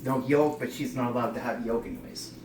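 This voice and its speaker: In an echoey home kitchen, a man who hosts a home cooking channel chats with a friend next to him as he explains a recipe mid-cook. He speaks a little fast in a mid-range voice, relaxed and talkative. The distant mic picks up plenty of noise, including the clatter of pots, pans and dishes.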